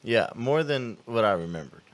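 A man's voice: mid-range voice, lively intonation, normal speed. A young man co-hosting a podcast in casual chat, easygoing and agreeable, swearing now and then. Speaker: podcast co-host.

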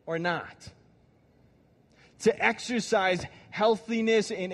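A man preaching a sermon, telling a childhood story with animated, audience-directed delivery. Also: high-pitched. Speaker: pastor. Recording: long hall reverb.

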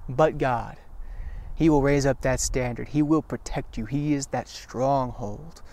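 A man speaks to camera in an earnest, encouraging devotional talk, his voice sitting at an ordinary middle pitch. He leans on repetition for emphasis and often breaks off to restart his sentences. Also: darkish tone. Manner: halting with frequent restarts. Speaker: Christian video teacher.

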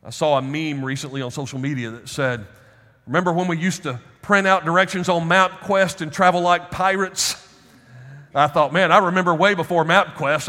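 A man preaching a sermon as pastor, emphatic, slowing down to stress key phrases. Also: a little high, bright, forceful tone, in a large hall.

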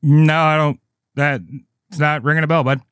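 A man's voice: fairly high pitch, level tone, normal speed, fairly bright tone, clean tone, no room sound, studio quality. A man co-hosting a podcast in casual chat, laughing often and swearing freely. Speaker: podcast co-host.

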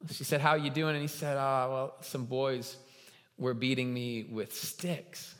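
A man in his thirties preaching a sermon as a guest pastor, telling stories and building to loud, emphatic peaks. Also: medium pitch, flat delivery, unhurried. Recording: long hall reverb.

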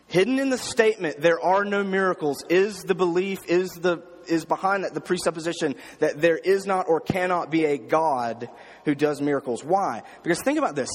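Preacher guy, kinda high voice, keeps repeating himself for emphasis, big reverb hall sound. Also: normal speed. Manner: emphatic, repeats phrases, asks rhetorical questions. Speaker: pastor. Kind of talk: sermon.

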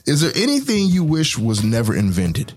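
A man co-hosting a casual podcast, playful and swearing in quick back-and-forth. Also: medium pitch, huge pitch swings, darkish tone, soft background music. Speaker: podcast co-host. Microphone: studio headphones and mic.

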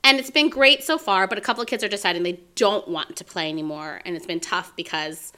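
A woman's voice: mid-range voice, fairly quick, bright, forceful tone. A woman who teaches preschool, co-hosting a casual podcast chat and laughing easily as she talks.

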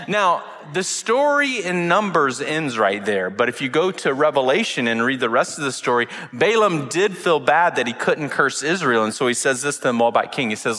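Bright-voiced preacher in an echoing hall. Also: male voice, medium pitch, moderate pace, hardly any pauses. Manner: lively storytelling, playful voices. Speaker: pastor. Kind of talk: sermon. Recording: long reverb of a large hall.

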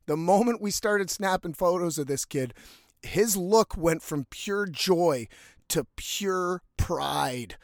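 A man telling a story casually, animated and swearing freely. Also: high-pitched, takes it slowly, dry recording, studio quality. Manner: animated, profane, conversational.

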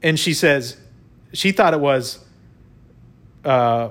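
A man with a slightly high voice, talking at normal speed, excitedly recounts a personal story in a casual monologue. He often stumbles and repeats himself, and he throws in "y'all" and some mild cussing.

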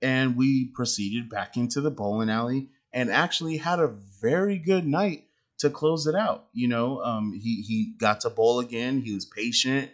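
A man's voice: mid-range voice, normal speed. A young adult man telling a personal parenting story in a casual monologue, rambling and slangy, with lots of fillers and restarts. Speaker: father podcaster.

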